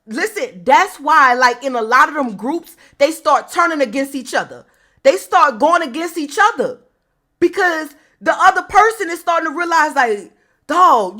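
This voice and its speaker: A woman's voice: high-pitched, sharp tone. A woman giving an emphatic, repetitive spiritual monologue straight to her viewers, often calling them y'all. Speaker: spiritual video host.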